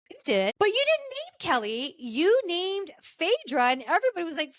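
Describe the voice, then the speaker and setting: A woman hosting a casual podcast, recapping a reality show finale in a gossipy, animated way and acting out the cast's lines. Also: extremely high pitch, normal speed, dry recording, studio quality. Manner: animated, gossipy, acts out quotes. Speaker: podcast host. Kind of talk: casual pop-culture recap.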